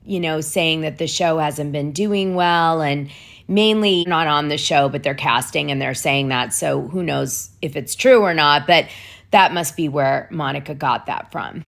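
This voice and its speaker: A woman's voice: sits low, unhurried, vocal fry. A woman hosting a casual gossip vlog, chatty and profane, reading messages aloud as she goes. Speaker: gossip show host.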